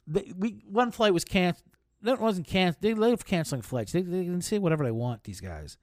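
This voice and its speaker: A man's voice: on the low side, vocal fry, darkish tone, no room sound. A man hosting a podcast, riffing in a casual, profane, comedic storytelling style with frequent laughs. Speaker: podcast host. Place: touring, recorded while traveling.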